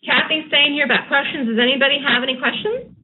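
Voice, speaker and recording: A woman running a live trading webinar, teaching chart patterns in a brisk, emphatic, conversational way. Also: high-pitched, fairly even intonation. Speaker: day trading educator. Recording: tinny phone-like line with faint noise.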